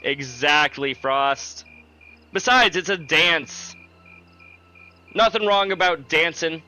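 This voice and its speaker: A man streaming a game, chatting casually with viewers in a joking, sarcastic way with drawn-out asides. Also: a little high, pushed and bright, rough recording. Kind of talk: casual livestream gameplay chat.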